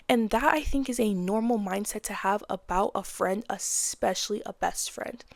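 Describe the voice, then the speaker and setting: A woman's voice: medium pitch, creaky, no room sound, studio quality. A woman in her twenties giving frank, casual advice in a blunt monologue, with slang and swearing. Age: 20s. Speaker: vlogger.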